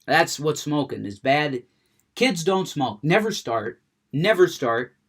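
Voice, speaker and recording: A man's voice: fairly high pitch, very animated, takes it slowly, slightly rough. A man ranting with heavy cursing, getting worked up, then chatting about a video game he is playing. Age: adult, smoker. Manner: profane, ranting, gets worked up, curses a lot. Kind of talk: unfiltered rant and gameplay chat.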